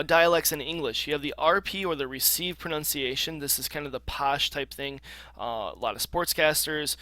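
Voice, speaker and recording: A man teaching a recorded geography lecture in a casual, explaining way, with frequent ums and throat clearing. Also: on the high side, pushed and bright, no echo.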